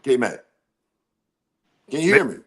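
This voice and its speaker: An older man with a drawl hosts a casual sports show. His voice sits at an ordinary middle pitch. He talks loudly and jokes as he runs through the games. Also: big pitch swings, slow pace, slightly rough. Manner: loud, joking, drawling sports banter. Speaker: host, former football coach.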